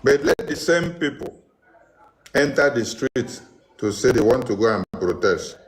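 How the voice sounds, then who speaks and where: A man's voice: mid-range voice, lively intonation, measured pace, rough recording. A man with a Nigerian accent giving mocking political commentary and slipping into Pidgin. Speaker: online commentator.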